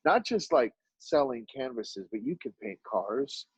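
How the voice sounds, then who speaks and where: A man's voice: unhurried, husky, dry recording, lo-fi sound. A man from Dallas, a guest on a podcast, telling stories in a conversational way and acting out the lines of the people in them. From Oak Cliff, Dallas, Texas. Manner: animated storyteller who acts out dialogue with sudden jumps in pitch. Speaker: podcast guest, artist and business owner. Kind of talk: storytelling in a conversational interview.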